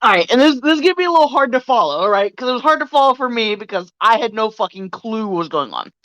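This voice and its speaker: A woman co-hosting a podcast, telling a comic work story in a profane, animated way. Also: fairly high pitch, fast, no echo, low-quality recording. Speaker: podcast co-host. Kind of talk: comedic storytelling.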